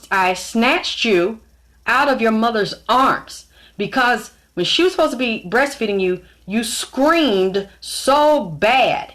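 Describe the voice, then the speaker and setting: A woman's voice: medium pitch, fairly bright tone. A woman giving a blunt, profane personal monologue, emotionally charged as she recounts her life.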